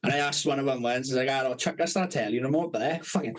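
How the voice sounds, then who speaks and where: A man's voice: medium pitch, very fast. A man co-hosting a podcast, telling sweary, laugh-filled stories in a casual chat. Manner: sweary storytelling, laughs often. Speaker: podcast co-host.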